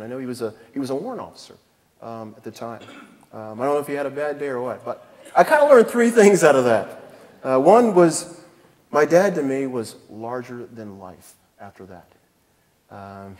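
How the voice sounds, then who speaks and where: A man's voice: mid-range voice, darkish tone. A man in his fifties, a commanding general, giving a keynote speech on a theatre stage and telling self-deprecating personal stories with frequent chuckles. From El Paso, Texas. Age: 50s. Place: theatre stage before an audience. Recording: long theatre reverb.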